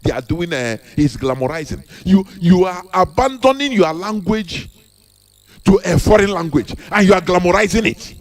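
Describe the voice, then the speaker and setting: A Nigerian-accented activist speaker delivers an impassioned monologue, repeating rhetorical questions with an emphatic, preachy style. His high-pitched voice is animated and moves at a normal speed.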